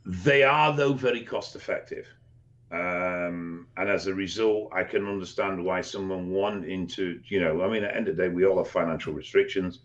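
A man co-hosting a podcast, explaining things in a relaxed, casual way and swearing now and then. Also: low-pitched, moderate pace, dull audio. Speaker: podcast co-host and expert.

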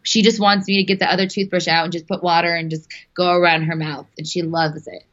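A woman's voice: lowish voice, little pitch movement, a little fast, fairly bright tone. A young adult woman chatting casually as a podcast guest, laughing often and swearing freely. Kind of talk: casual chat. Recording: dull lo-fi sound.

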